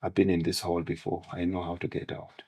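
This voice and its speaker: A man's voice: sits low, completely flat delivery, fast, dark tone, slightly rough. A man voicing a drunkard who jumps in to help, reassuring and matter-of-fact. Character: streetwise male drunkard, calm and sure.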